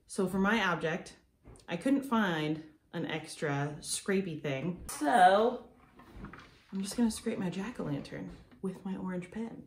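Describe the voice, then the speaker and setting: A woman's voice: on the low side, animated, measured pace, roomy sound, slight background noise. A young woman teaching a children's music lesson, upbeat and encouraging, counting beats aloud. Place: room at home.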